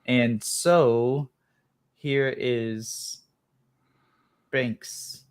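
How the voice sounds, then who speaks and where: Man, livestream host, casual chat, unhurried, laid-back drawl. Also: mid-range voice, steady tone, clean tone.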